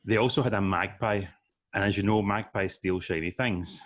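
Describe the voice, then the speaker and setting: A man's voice: lowish voice, steady tone, normal speed, a bit bright. A young man hosting a comedy podcast, telling stories in a chatty, self-deprecating way. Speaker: podcast host. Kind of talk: casual comedy podcast chat.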